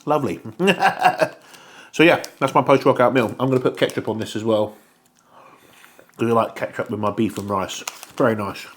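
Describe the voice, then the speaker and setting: A man's voice: medium pitch, normal speed. A young man vlogging casually about his meals, chatty and rambling, with casual swearing. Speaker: fitness vlogger. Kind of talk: casual chat to camera.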